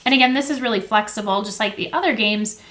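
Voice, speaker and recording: A young woman teacher with a slightly high voice explains classroom activities to camera. She talks in a casual, friendly way, with plenty of fillers and quick self-corrections. She sounds close to the camera, seated at a table indoors. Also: a bit bright. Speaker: teacher and education video host.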